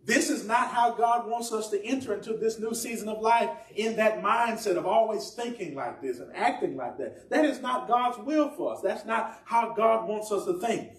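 A man's voice: sits high, lively intonation, normal speed, few pauses, reverberant, recorded from a distance. A man preaching a sermon in a conversational, humorous way, asking the congregation questions. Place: church.

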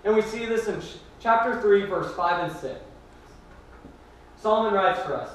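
A man's voice: sits high, normal speed, long pauses. A young man giving a youth sermon as a student preacher, telling a personal story in an earnest way. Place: church hall. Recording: echoey room from far off.

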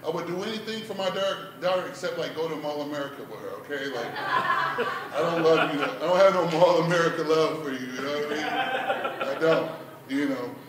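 A man's voice: fairly high pitch, fairly quick, very noisy. A man doing a laid-back stand-up comedy set at an open mic, peppering his lines with "man" and "like". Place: bar performance room. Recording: echoey room, mic heard from a distance.

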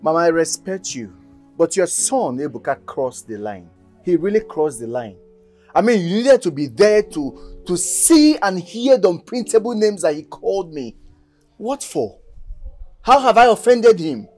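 A man's voice: fairly high pitch, very animated, moderate pace, a little mellow, soft background music. An indignant young Nigerian man. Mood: aggrieved. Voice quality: indignant but respectful. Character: aggrieved young man hurt by an insult. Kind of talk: Nollywood film acting.

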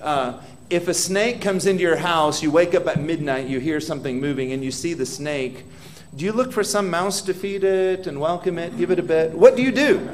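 A man's voice: a little high, moderate pace, few pauses, slight background noise. Man preaching a dramatic sermon. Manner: dramatic, voices prayers aloud with rising intensity; asks the congregation questions directly. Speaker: pastor. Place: church hall.

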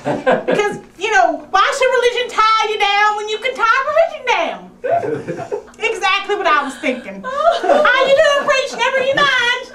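A woman's voice: extremely high pitch, lively intonation, a little slow. A woman playing a brash, folksy Southern woman with a Southern US accent in an improvised comedy sketch, talking in a drawling, giggly, over-the-top way. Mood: gleeful. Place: film set, indoors. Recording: roomy distant mic, loud background noise.

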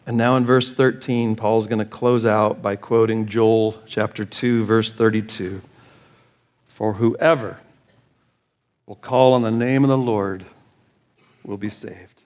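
American pastor preaching with fervor. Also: male voice, fairly even intonation, takes it slowly, long pauses, darkish tone. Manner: impassioned, rising to urgent high-pitched pleading. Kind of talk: sermon.

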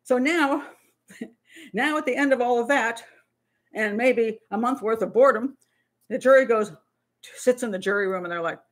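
A middle-aged woman hosting a live Q&A stream as a criminal profiler. Her voice sits a little high. She talks bluntly and animatedly, often restarting her sentences. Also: normal speed, long pauses. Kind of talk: casual live-stream talk.

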